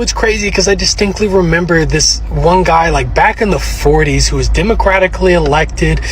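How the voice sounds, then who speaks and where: A man's voice: fairly high pitch, slight background noise, low-quality recording. A man giving sarcastic commentary to camera in a dry, mocking way.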